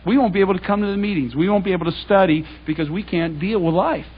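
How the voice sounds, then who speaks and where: A man's voice: high voice, fast talker, slightly rough, muffled recording. A man giving a public Bible talk, telling stories in a casual, conversational way and acting out the dialogue. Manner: conversational, anecdotal, acts out dialogue. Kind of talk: storytelling sermon.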